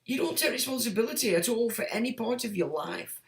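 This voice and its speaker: A man's voice: extremely high pitch, lively intonation, a little fast, roomy sound. Blunt, sweary man. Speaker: livestream host. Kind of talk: ranting livestream chat, reading comments.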